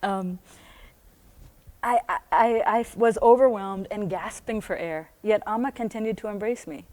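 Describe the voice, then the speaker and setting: A woman's voice: mid-range voice, normal speed, darkish tone. An American woman reading aloud from her own book, breaking off often into chatty asides and laughing as she goes. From United States.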